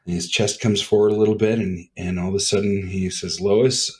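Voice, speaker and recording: A man's voice: deep voice, level tone, a little fast, husky. A man co-hosting a podcast in casual chat, thoughtful and explanatory. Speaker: podcast co-host.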